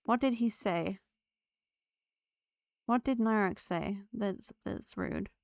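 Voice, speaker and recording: A woman's voice: medium pitch, slow pace, gravelly, a little mellow, no room sound. A woman live-streaming a game, chatting to her viewers and laughing often. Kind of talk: live gameplay streaming chat.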